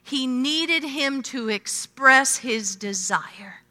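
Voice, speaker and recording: A woman preaching a sermon, emphatic, swelling loud and then dropping to a hush. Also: high voice, expressive. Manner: emphatic, slow, with swelling and hushed phrases. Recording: long hall reverb.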